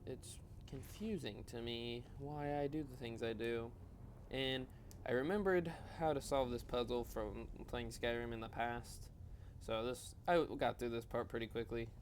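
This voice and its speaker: Medium in pitch, steady and measured, this gaming channel host's voice carries a little hiss or hum. Yawning and tired, he rambles casually over his gameplay, chatting and making fun of his own choices.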